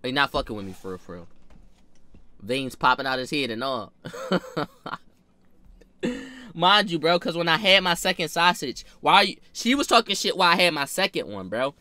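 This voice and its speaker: A man telling a story casually, animated and full of slang, swearing and repeating lines for emphasis. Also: on the high side, moderate pace, long pauses, no echo.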